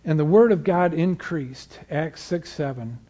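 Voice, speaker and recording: A man delivers a sermon as a guest preacher in a slightly high voice. He restarts his sentences and uses fillers while he explains a passage, then climbs into loud, fervent exhortation. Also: measured pace. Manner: builds from calm teaching to loud fervent exhortation. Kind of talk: sermon teaching.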